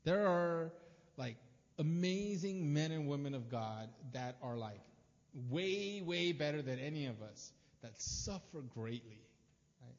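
A man's voice: fairly high pitch, lively intonation, a little slow. A man preaching a sermon in a casual, conversational way, with plenty of fillers. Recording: dull, lo-fi sound with long reverb.

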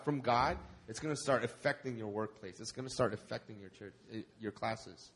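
A man preaching a sermon at a church service, animated and repeating words for emphasis. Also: mid-range voice. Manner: animated, acts out quoted voices, repeats words when stressing. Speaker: pastor.

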